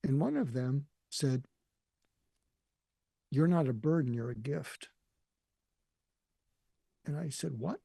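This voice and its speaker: An older man shares a deeply personal story, earnest and emotional, often quoting others. His voice is gravelly and husky with a dark, mellow tone. The recording is dry and close. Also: slow, pauses often, no room sound. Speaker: guest.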